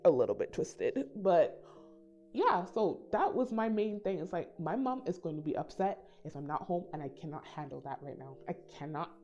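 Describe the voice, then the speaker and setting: A woman's voice: lowish voice, normal speed. A woman from the Caribbean telling a casual story to her viewers, acting out the voices of the people in it. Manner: animated, acts out voices in quotes. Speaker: storytime YouTuber. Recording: slightly dull recording with soft background music.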